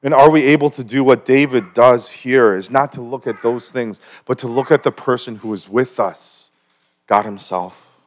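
Conversational male pastor preaching. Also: moderate pace. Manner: conversational, with personal stories and asides; builds to louder, higher emphatic questions. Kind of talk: sermon. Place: church service.

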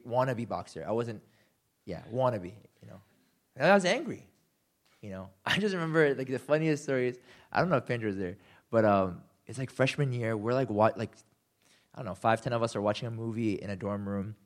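A young man preaching a sermon, animated and self-deprecating, acting out quotes with sudden jumps in pitch. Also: brisk. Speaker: pastor.

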